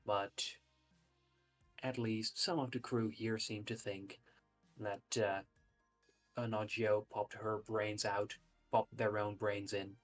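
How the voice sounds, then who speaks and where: A man narrating as game master of a tabletop game, pausing often with fillers. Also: fairly low pitch, level tone, soft background music. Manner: halting, with many "uh" fillers.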